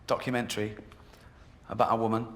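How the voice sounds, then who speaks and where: A sardonic man working a club crowd with a mocking stand-up routine. His voice carries a long reverb tail, as if he is on a stage in a large room. A steady hiss sits clearly under everything. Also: brisk. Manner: sardonic, mocking, slips into squeaky put-on voices. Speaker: stand-up comedian. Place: comedy club stage in a video game. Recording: game audio, club reverb with crowd laughter.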